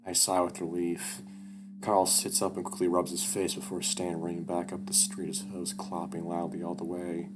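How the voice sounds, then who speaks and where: A man's voice: deep voice, completely flat delivery, normal speed, loud music behind the voice. A man reading a visual novel aloud in a casual way, swearing and breaking off for his own asides.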